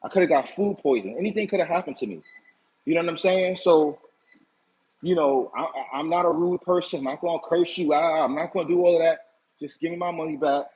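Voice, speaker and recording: A man's voice: fairly high pitch, brisk, a little mellow, poor audio. A man hosting his own channel tells a casual, aggrieved story. He is slangy, repeats himself and keeps asking "you know what I'm saying.". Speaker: channel host.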